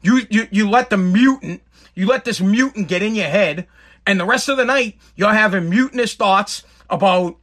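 A man's voice: sits high, expressive, moderate pace, a bit bright. A middle-aged man, hosting a podcast in a blunt, emphatic casual monologue that repeats points for effect. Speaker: podcast host.

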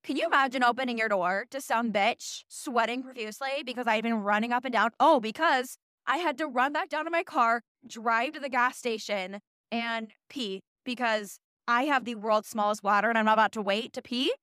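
High-voiced young woman telling stories. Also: moderate pace, clear, resonant tone, no room sound, studio quality. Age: early 20s. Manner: animated, profane, self-mocking. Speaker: podcast host. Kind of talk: casual storytelling monologue.

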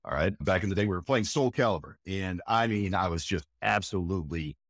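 A man, a voice actor, telling stories in an animated, emphatic way during an interview. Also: low voice, fairly quick, dry recording, clean studio sound. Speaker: voice actor guest. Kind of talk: enthusiastic interview chat.

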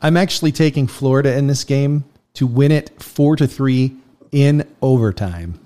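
Male co-host, average pitch, easygoing and measured, reading out picks. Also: warm tone. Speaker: podcast co-host running the predictions. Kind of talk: casual sports podcast chat.

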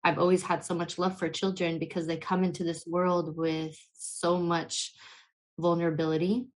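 Low-voiced young woman, heartfelt. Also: flat delivery, moderate pace. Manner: passionate, flowing, heartfelt. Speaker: podcast guest. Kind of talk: heartfelt spiritual conversation.

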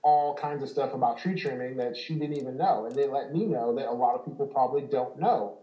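A man hosting a home repair business chat explains things in a relaxed way, full of ums and small laughs. His medium-pitched voice is brisk, and the sound is roomy and lo-fi.

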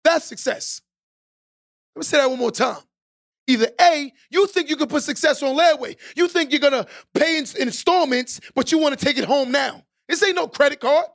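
A man with a strikingly high voice hosts a podcast and preaches motivation at the listener. He hammers his points home by repeating lines and climbs into shouted exhortations. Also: normal speed, creaky. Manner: emphatic and preachy, repeats key lines for stress. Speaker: podcast host.

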